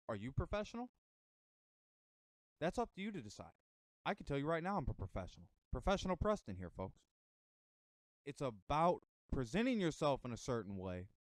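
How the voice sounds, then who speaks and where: A man's voice: on the high side, dry recording. An American man giving a casual motivational monologue to camera, emphatic and a bit rambling. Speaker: vlogger giving motivational talk.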